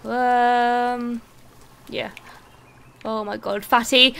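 A woman streamer giving excitable, swearing live commentary while playing a game and thanking viewers. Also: on the high side, measured pace, gravelly, clear, resonant tone.

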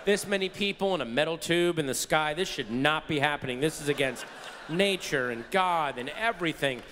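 A man performing a stand-up comedy routine on stage, animated, swinging between muttered asides and shouted rants. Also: fairly high pitch, moderate pace, slight background noise. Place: large theater stage before a live audience. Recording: live hall recording with reverb.

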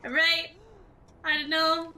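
A woman's voice: extremely high pitch, little pitch movement, slow, bright, forceful tone. A woman playing a board game with friends, giggly and given to dramatic protests. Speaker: player. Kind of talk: casual game chat.

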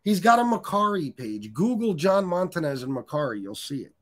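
A man's voice: on the high side, big pitch swings, brisk. Blunt, foul-mouthed middle-aged man ranting. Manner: blunt, crude, heated trash-talk. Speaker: livestream host reading chat. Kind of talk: casual profane live-stream rant.

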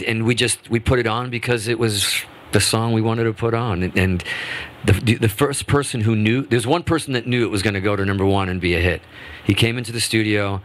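Low-pitched male guest musician, chatty radio storyteller who restarts his sentences a lot. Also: slight background noise. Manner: rambling, animated anecdotes with restarts. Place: radio studio.

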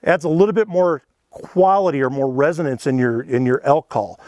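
A man's voice: on the high side, normal speed, a little mellow, a little hiss or hum. Easygoing man teaching elk calling. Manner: easygoing, conversational, folksy. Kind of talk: instructional demonstration.

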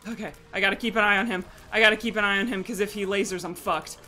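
A young woman streaming a game live, muttering and swearing to herself, then yelling in frustration. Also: mid-range voice, steady tone, quick pace, few pauses, faint music behind.

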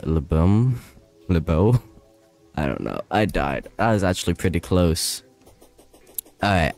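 A low-voiced man talking slowly and loosely as he streams a game live, reading chat aloud and chatting with viewers. He slides into panicked, laughing outbursts when things go wrong, and there is faint music behind him. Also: darkish tone.

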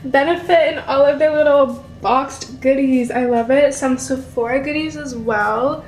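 A young woman with a high voice gushes breathlessly through an unboxing vlog, exclaiming at every new thing she finds. There is a faint hiss of noise behind her. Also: moderate pace, darkish tone. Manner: gushing, effusive, many exclamations. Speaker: beauty vlogger.

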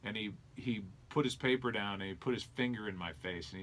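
A middle-aged man speaks with a somewhat low voice. He tells a personal story in an earnest, reflective way, as a guest in a conversational interview. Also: fast talker, few pauses, a bit bright, slight background noise. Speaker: sports broadcaster and interview guest.

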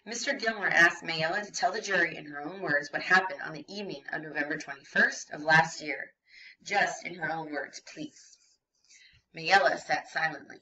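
A woman teacher reading a novel aloud to her class in a clear, steady narrating voice. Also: sits low, normal speed, far from the mic, lo-fi sound.

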